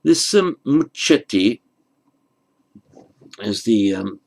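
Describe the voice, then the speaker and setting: A man teaching the meaning of an old verse, patiently explaining each word after reciting it slowly. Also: lowish voice, lively intonation, vocal fry, poor audio. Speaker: Pali language teacher. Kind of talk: unhurried lesson on a verse.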